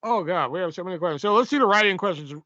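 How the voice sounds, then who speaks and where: A man's voice: high-pitched, expressive, racing, sharp tone. A man hosting a casual podcast chat, laughing often and running the segments. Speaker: podcast host. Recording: dull lo-fi dry podcast mic.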